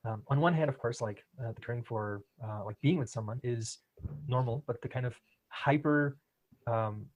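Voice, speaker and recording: In a rough recording, a podcast host and quitting coach with a mid-range voice talks casually with a listener at a moderate pace. He explains things through everyday analogies and says um a lot.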